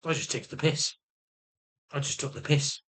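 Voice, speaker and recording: A man's voice: fairly high pitch, moderate pace, fairly bright tone, slightly rough. A middle-aged man ranting in a casual monologue, swearing heavily, restarting and repeating phrases as he goes, and sometimes mimicking other people's voices. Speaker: vlogger.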